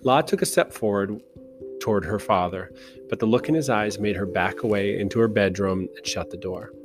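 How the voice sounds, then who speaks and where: A man with a fairly low voice reads a story aloud in a slow, measured way. Soft plucked guitar music plays clearly behind him throughout. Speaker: narrator. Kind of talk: audiobook narration.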